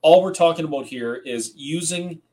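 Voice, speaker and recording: A man's voice: fairly high pitch, normal speed, darkish tone. Man, webinar host, earnest, reassuring, video call. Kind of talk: webinar hosting.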